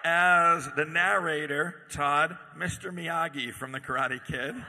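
A man hosting a live convention panel, announcing the cast in an upbeat, brisk way. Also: a little high, fairly even intonation, long reverb tail, noisy background. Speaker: host. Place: convention stage, in front of crowd.

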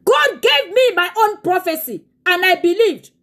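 Woman preacher, very high pitched voice, impassioned, tearful shouting. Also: animated, measured pace. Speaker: pastor. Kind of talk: sermon.

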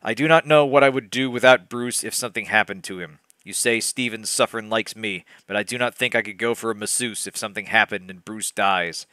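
A man voicing a wistful, anxious society woman with a deadpan reading of stiff lines. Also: lowish voice, brisk, few pauses, no room sound.

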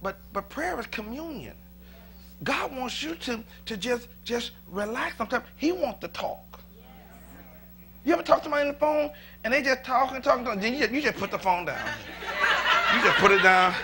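A man's voice: very high-pitched, expressive, moderate pace, pushed and bright, slight background noise. A male pastor preaching a sermon in a church, talking conversationally, repeating words and chuckling often.

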